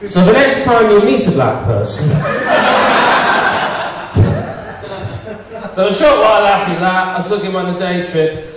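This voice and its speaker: A man doing stand-up comedy, lively and laughing through his punchlines. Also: high voice, slow, long pauses. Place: comedy club stage. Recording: distant echoey hall with noise.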